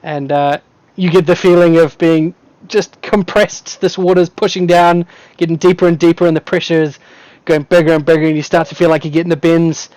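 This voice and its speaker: A man's voice: a little high, fairly even intonation, a little fast, a little mellow, no room sound, low-quality recording. A man running a tabletop game as game master, narrating vividly and casually, often breaking into laughs.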